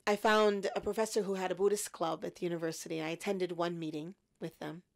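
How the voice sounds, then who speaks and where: A woman in her fifties, a podcast guest, telling her story in an animated, self-mocking way. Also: on the low side, fast, creaky.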